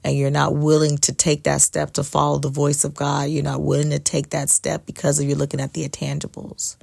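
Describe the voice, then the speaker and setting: A low-pitched woman speaks slowly and meditatively, her voice gravelly and husky with frequent fry. She leans into soft whispers to stress her points, like a spiritual coach talking straight to her listeners, in a dry close recording. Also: monotone, no room sound. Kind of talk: slow reflective faith talk to camera.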